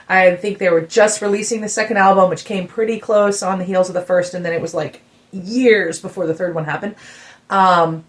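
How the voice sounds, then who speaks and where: A middle-aged woman from the United States talks through a long concert story in a relaxed podcast chat. She is animated and keeps filling her sentences with "like", and her voice climbs higher as her excitement builds. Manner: animated storyteller, many "like" fillers, rising excitement. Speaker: guest musician telling a story.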